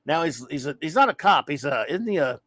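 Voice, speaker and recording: New guy hosting a chat show, bit high pitched, rambly, dry close mic. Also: big pitch swings, brisk, a bit bright, no echo. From New Orleans, USA. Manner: rambling, self-interrupting, playful. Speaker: podcast host reading chat. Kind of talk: casual chat.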